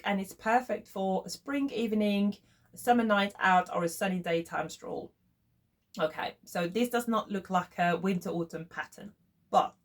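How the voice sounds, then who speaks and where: A woman with a French accent, whose first language is French, chatting enthusiastically as she reviews sewing patterns and thinks aloud. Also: fairly low pitch. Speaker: sewing vlogger. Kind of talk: casual chat reviewing patterns.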